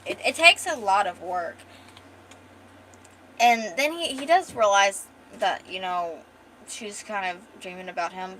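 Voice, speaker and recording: A woman's voice: medium pitch, sharp tone, slight background noise, poor audio. A young woman chatting casually as a comic artist and streamer. She rambles and fills her talk with ums and restarts. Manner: rambling, with many fillers and restarts. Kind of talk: casual chat.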